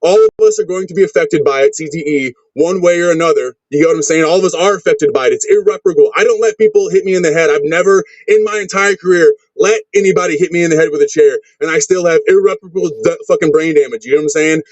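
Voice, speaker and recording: A man's voice: a little high, quick pace, few pauses, no room sound. A man in his thirties, a wrestler, rambling in a casual interview and swearing constantly. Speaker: wrestler, podcast guest. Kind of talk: casual profane interview chat. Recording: dull lo-fi sound.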